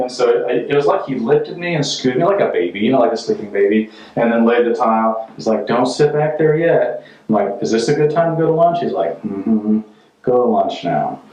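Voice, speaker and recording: Deadpan joking guy on a job site, roomy. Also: on the low side. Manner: deadpan, rambling, self-mocking jokes. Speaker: contractor and vlog host. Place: house under renovation, indoors. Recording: roomy, distant, dull sound.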